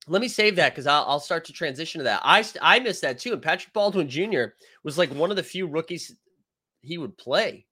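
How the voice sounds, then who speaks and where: A man hosts a loose live stream, rambling between topics and tossing out jokes as he answers the chat. His voice sits a little high and sounds bright and forward. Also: lively intonation, brisk, husky. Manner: loose, rambling, jokey, reads comments aloud. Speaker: sports show host reading live chat.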